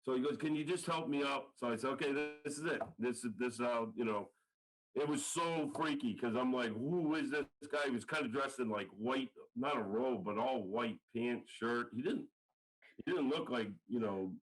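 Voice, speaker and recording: At a moderate pace and medium pitch, a middle-aged college football line coach tells a story as a guest on a casual podcast interview, acting out the quoted lines. The recording is rough.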